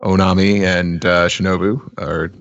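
A man with a low voice hosting a podcast, casually talking through a comic chapter. He chuckles and hams up the quoted lines. The recording is dry and a little muffled. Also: flat delivery, a little slow, fairly bright tone, no room sound. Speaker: podcast host.

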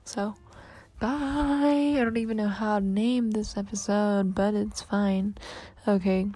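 A teenage girl with an Australian accent, rambling in a casual solo podcast, soft-spoken and self-deprecating, thinking aloud. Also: mid-range voice, flat delivery, moderate pace. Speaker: podcast host.

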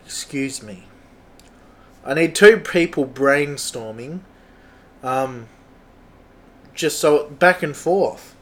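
A young adult Australian man hosting a solo podcast, thinking aloud in a halting, muttering way with a lot of swearing. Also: a little high, a bit bright. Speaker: podcast host. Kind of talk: casual solo podcast chat.

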